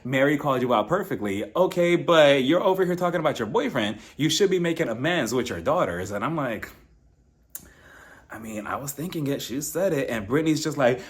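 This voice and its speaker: A man's voice: medium pitch, brisk. A young man giving a casual, opinionated recap of a reality show, acting out quotes and laughing as he mocks the cast. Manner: animated, mocking, acts out quotes with laughs.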